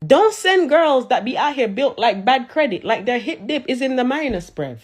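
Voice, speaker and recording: A woman delivers a social media roasting rant. She sounds sassy, sarcastic and mocking. Her voice sits fairly high. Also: darkish tone.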